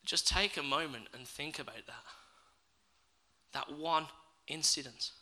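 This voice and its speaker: A man's voice: a little high, measured pace, pushed and bright, low-quality recording. A man preaching a sermon, reading scripture and then reflecting aloud and asking his listeners questions.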